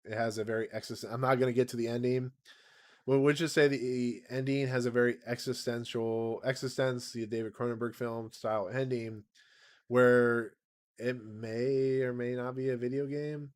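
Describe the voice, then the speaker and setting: Guy in his 30s hosting a livestream, kinda raspy, rambly, laughs at himself a lot. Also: medium pitch, level tone, normal speed. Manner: rambling, self-deprecating, laughs often. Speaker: channel host. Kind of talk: casual livestream chat.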